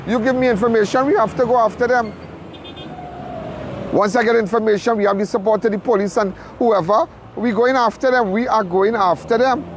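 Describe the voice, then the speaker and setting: A man's voice: high-pitched, steady tone, a little fast, slight background noise. Fired-up man reporting outdoors. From Trinidad and Tobago. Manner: emphatic, repeats phrases, stumbling restarts. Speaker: on-scene reporter and commentator. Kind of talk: impassioned on-the-spot commentary. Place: outdoors at a roadside crime scene.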